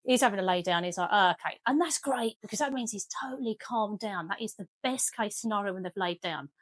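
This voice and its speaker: A woman's voice: mid-range voice, fairly quick, no room sound. A woman, a dog trainer talking casually as she demonstrates a lesson at home. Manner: chatty, firm commands to the dog. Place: home kitchen.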